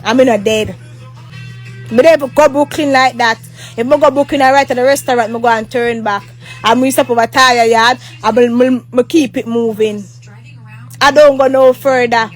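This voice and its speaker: Over faint music, a Jamaican-accented woman vlogs a meandering, angry story, saying things again and again, cursing frequently and breaking into pretend prayers. She speaks at a normal pace in a somewhat high voice with a steady tone.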